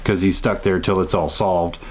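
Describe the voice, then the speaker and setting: A man's voice: low-pitched, steady tone, moderate pace, a little hiss or hum. A man hosting a casual podcast, blunt and profane, mocking as he talks. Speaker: podcast host.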